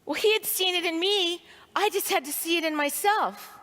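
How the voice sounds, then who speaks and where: In a reverberant hall full of listeners, a leadership training speaker relates a personal story, performing her inner voice with expression. She has a very high voice with a fairly bright tone and speaks at normal speed.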